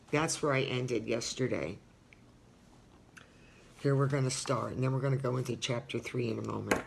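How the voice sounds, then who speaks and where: A woman's voice: extremely low pitch, normal speed, vocal fry, pauses often, slight background noise. Older woman earnestly reading her memoir. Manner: earnest, marks dialogue by saying quote and end quote. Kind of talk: reading a personal memoir aloud with spoken asides.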